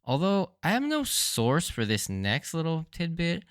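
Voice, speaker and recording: A man hosting a solo podcast, recapping episodes in an enthusiastic, animated fan style. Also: fairly high pitch, measured pace, no room sound, studio quality. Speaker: podcast host. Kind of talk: casual solo anime rewatch commentary.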